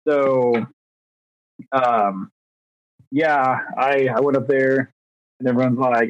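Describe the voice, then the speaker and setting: A thirty-year-old man co-hosts a podcast, chatting casually and telling rambling, self-deprecating stories full of fillers. His mid-range voice draws out words and pauses often, picked up by a dry, slightly dull podcast mic.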